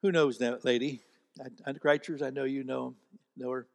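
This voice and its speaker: A man's voice: medium pitch, steady tone, moderate pace, gravelly, big-room sound. A man preaching as a pastor, telling stories in a folksy, earnest way with small restarts. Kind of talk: sermon storytelling. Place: church sanctuary.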